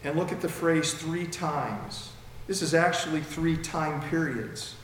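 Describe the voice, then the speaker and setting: A man's voice: fairly high pitch, a little slow, a little hiss or hum. Male pastor, emphatic sermon delivery with a dry mouth, voice ringing through a large reverberant hall. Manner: emphatic, with dramatic swings in loudness. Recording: echoey hall with long reverb.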